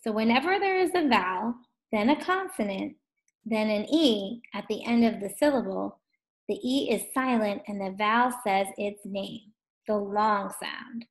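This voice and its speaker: A woman teaching a first grade phonics lesson at a distance, drawing out words slowly and gently asking young children questions. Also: medium pitch. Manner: slow, drawn-out words sounded out for children.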